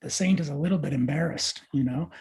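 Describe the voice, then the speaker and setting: A man, a meditation teacher, telling a spiritual parable as a podcast guest, with lively asides to his listeners. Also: fairly high pitch, quick pace, breathy edge.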